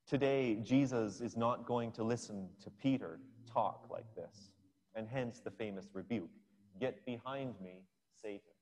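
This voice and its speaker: A man's voice: lowish voice, a little slow, darkish tone. A male preacher giving a sermon, retelling a scripture scene as a story for his listeners. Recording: long hall reverb.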